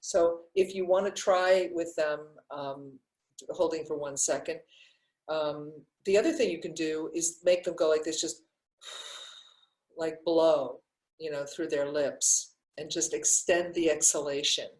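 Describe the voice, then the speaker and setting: A woman's voice: low voice, fairly even intonation, measured pace, a little mellow. An older woman, a breathwork teacher, answering questions in a live session and talking in a loose, rambling way with many restarts. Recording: echoey room.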